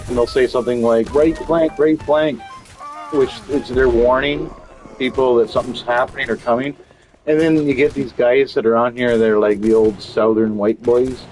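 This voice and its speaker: A man talks over his gaming session in an unhurried, rambling way. His voice sits at an everyday middle pitch, and he curses freely, piling on fillers and false starts as he goes. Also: rough recording. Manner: rambling, swears often, frequent fillers and restarts. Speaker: gaming channel host. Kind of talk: casual chat while playing a game.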